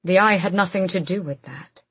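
A woman's voice: on the low side, normal speed, slightly rough, no room sound. A woman voicing a wry, thoughtful young king in an audiobook. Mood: musing.

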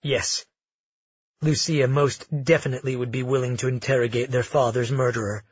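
A male audiobook narrator telling the story in a measured, dramatic way. His voice is husky and a little high. The recording is dry and dull, with a lo-fi sound. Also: level tone, no room sound.

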